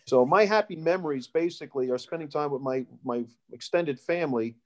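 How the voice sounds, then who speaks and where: Middle-aged man, slightly high voice, rambling storyteller being interviewed. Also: a little fast, darkish tone. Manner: rambling, with restarts and storytelling asides. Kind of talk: casual life-story interview.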